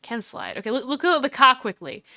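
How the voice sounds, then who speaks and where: A woman's voice: high-pitched, big pitch swings, fairly quick, sharp tone, no room sound. A woman streamer giving chatty, giggly commentary while playing a game and talking to her chat on a close desk mic. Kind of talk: casual let's-play commentary.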